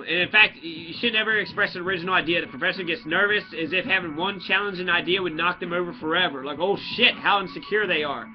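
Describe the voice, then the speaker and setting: A man who is a student, in a profane, heated and confrontational ranting monologue. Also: on the high side. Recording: dull lo-fi audio with faint music.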